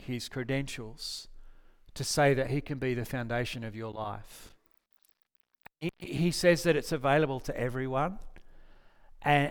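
A man's voice: medium pitch, clean tone. A man preaching a casual sermon, reading scripture aloud, often restarting and correcting himself and putting questions to his listeners. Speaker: pastor.

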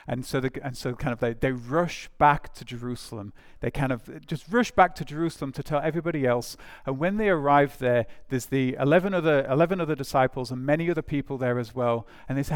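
Talking fast and smoothly with scarcely a pause, this mid-range male preacher tells a story to his congregation in an informal, conversational sermon. He addresses the children directly, and his telling is full of fillers and restarts.

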